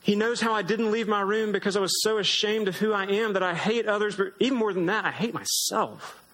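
A man's voice: a little fast, fairly bright tone, rough recording. A man preaching an earnest sermon as pastor, lifting his voice for emphasis. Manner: earnest, rises in pitch for emphasis.

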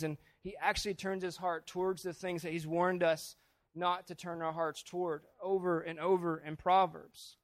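A man preaching with a high, ringing voice, earnest and swelling in volume to drive home key lines. He is recorded close and dry, with no room around him. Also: no echo. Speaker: pastor. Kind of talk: sermon.

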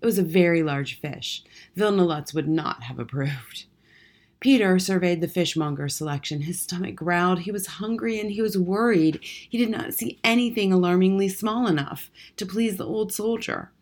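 A woman reading a storybook chapter aloud in a soft, measured narration. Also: lowish voice. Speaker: audiobook reader.

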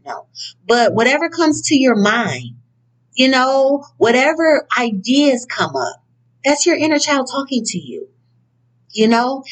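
A woman's voice: a little high, poor audio. Blunt, profane woman giving a pep talk. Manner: blunt and profane, animated emphatic outbursts. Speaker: speaker on inner-child healing. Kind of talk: casual motivational talk from notes.

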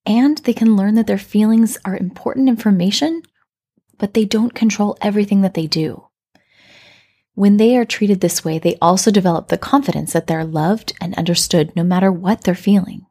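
A woman hosting a parenting podcast, telling a story and explaining in a calm, reflective scripted way. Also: medium pitch, moderate pace, husky. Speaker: podcast host.

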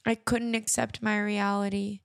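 A woman's voice: medium pitch, flat delivery, measured pace, creaky, no room sound, studio quality. A young adult woman hosting her podcast, speaking earnestly and reassuringly about faith, often repeating phrases. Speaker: podcast host. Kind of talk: personal faith talk to listeners.

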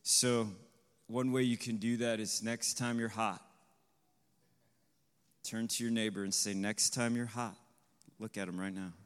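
A man preaching a sermon to a congregation. He asks the listeners questions, tags on "right?", and swells to loud, emphatic peaks. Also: lowish voice, little pitch movement, measured pace, pauses often, smooth, in a large hall. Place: congregation hall.

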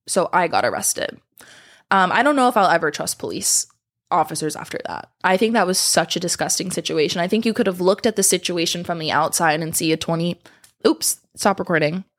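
A woman in her twenties speaks straight to camera in a casual vlog, reacting to comments. Her voice is lowish with lively intonation at a moderate pace, and she is blunt and profane, moving from hesitant to heated.

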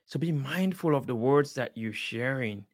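A father speaking earnestly about the power of words, encouraging listeners with measured emphasis and repeated points. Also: mid-range voice, expressive, dry recording, studio quality. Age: adult, father of a young child. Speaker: speaker sharing life advice. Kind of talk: slow inspirational talk.

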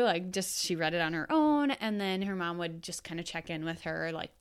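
A woman's voice: on the low side, moderate pace, clean tone. A woman in her thirties hosting a podcast as a mother, talking frankly and casually in a rambling monologue with self-corrections.

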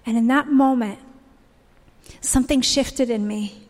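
Woman, 30s, church testimony, earnest and heartfelt, slightly high voice, long hall reverb. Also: unhurried, long pauses, a little mellow. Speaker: speaker sharing a testimony.

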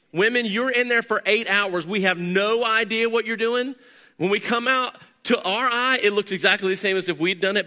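A man preaching with a bright, forceful tone and a slightly high voice. He moves from a calm scripture reading into a lively, joking sermon, and his pitch jumps up when he drives home a point. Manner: animated, joking, rises high for emphasis. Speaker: pastor.

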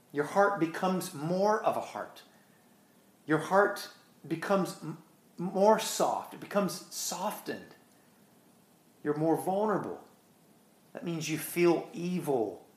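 A man preaching a sermon in an earnest way. He repeats words and slows down for emphasis. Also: medium pitch, roomy sound.

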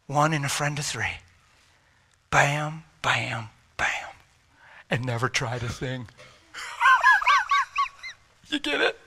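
A man delivers a storytelling sermon in a church room, his voice high and piercingly bright. He swings widely in pitch, acting out the voices in his stories and sometimes sinking to a hush. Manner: animated, acts out dialogue, drops to near-whisper. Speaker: preacher.

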